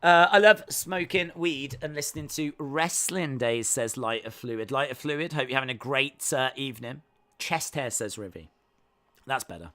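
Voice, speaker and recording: A man's voice: mid-range voice, moderate pace, bright, forceful tone. An English man with a Midlands accent hosting a live watch-along stream, reading chat aloud and teasing viewers with jokes. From England. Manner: joking, teasing banter.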